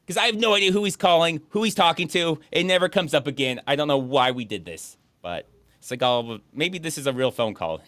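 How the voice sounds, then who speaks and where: Streamer guy riffing on a bad movie, animated, jumps into silly mock voices, dry sound. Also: on the high side, fairly quick, no echo. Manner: animated, laughing, mock quotes in put-on voices. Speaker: streamer hosting a movie riff. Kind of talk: casual commentary over movie clips.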